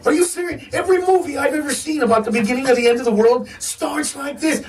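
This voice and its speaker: A man, a comedian guesting on a radio morning show, ranting in an animated way with stammering restarts. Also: extremely high pitch, fast talker, recorded from a distance. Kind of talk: casual radio chat. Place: radio studio.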